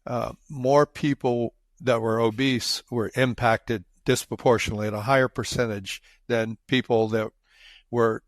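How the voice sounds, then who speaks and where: A man co-hosting a health podcast in a casual, halting way, often restarting his thoughts. His voice has a gravelly, creaky edge at a medium pitch. The sound is close and dry. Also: fairly even intonation, no echo. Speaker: podcast co-host. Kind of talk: casual chat.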